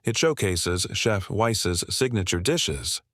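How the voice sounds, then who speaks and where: A man voicing a calm, courteous waiter. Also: lowish voice, slow pace, no room sound, studio quality. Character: polite veteran male waiter.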